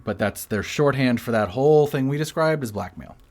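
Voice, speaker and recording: A man's voice: medium pitch, animated, fairly quick, a little mellow. A man co-hosting a casual chat podcast, explaining a topic, joking and reading quotes aloud. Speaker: podcast co-host.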